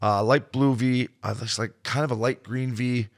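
A man's voice: medium pitch, fairly even intonation, moderate pace. A man co-hosting a podcast, telling loose, profane stories in casual chat. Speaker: podcast co-host.

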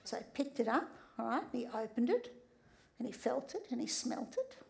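A middle-aged woman, a sex therapist and doctor, gives a humorous public talk. She tells stories in a lively way and often checks in with "all right?". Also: a little high, normal speed, gravelly.

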